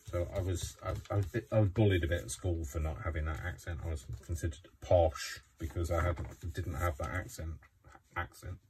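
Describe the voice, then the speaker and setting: A man's voice: low voice, fairly even intonation, a little fast, a little mellow, a little hiss or hum. A man from Coventry, chatting casually while crafting, rambling with many fillers. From Coventry, England. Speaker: craft vlogger.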